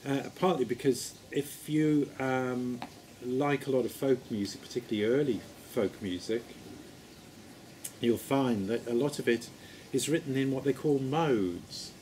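Man, mid-pitched voice, folk musician, friendly, chatty, faint background hiss. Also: unhurried, a little mellow. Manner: friendly, chatty, leads the talk with prompts. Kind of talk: casual conversation about music.

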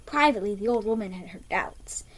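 A young woman reading a picture book aloud, with animated, expressive storytelling. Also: medium pitch, fairly quick, poor audio.

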